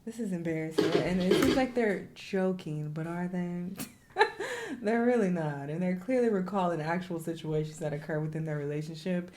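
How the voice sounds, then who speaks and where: A woman with a somewhat low voice reacts in disbelief, wry and dry in her comments. Clear background noise runs beneath her. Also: normal speed. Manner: incredulous, wry remarks.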